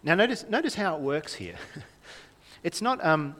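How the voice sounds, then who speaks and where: Lively young man preaching a sermon. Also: on the high side, normal speed, pauses often. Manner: lively, conversational, asks the congregation questions. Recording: reverberant hall.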